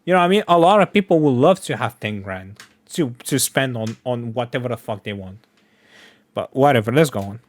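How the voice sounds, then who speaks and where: A man's voice: mid-range voice, animated, fairly quick. A man hosting casual reaction commentary, blunt and profane, talking with open disbelief. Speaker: reaction channel host.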